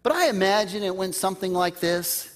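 A man's voice: sits high, lively intonation, a little fast. A man preaching a sermon in a conversational way, putting questions to the listeners. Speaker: pastor.

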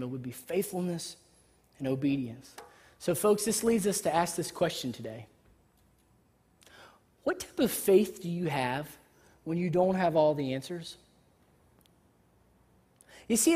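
A woman preacher giving a sermon in a church, animated and conversational, with jokes. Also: mid-range voice. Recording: reverberant hall.

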